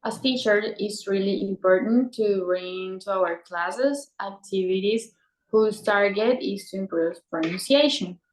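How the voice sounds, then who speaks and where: A woman's voice: medium pitch, a little hiss or hum. A woman presenting teaching techniques, reading aloud carefully. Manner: slow, careful, read-aloud delivery. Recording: echoey room.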